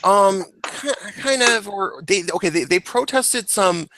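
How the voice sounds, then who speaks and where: A young man from the Seattle area chatting as a guest on a casual stream, talking in halting bursts full of restarts. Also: high voice, animated, noisy background. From Seattle area, USA. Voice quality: gravelly. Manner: halting, lots of restarts and fillers. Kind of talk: casual chat.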